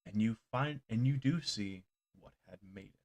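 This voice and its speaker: Man, game master, tabletop game narration, casual, laughing, hesitant fillers, mid pitch. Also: moderate pace.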